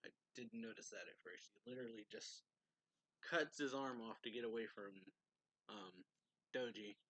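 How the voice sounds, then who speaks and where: A man's voice: mid-range voice, fairly even intonation, moderate pace, fairly bright tone, dry recording, poor audio. A man casually reviewing a manga chapter, recapping the plot in a rambling way, chuckling often and using lots of fillers.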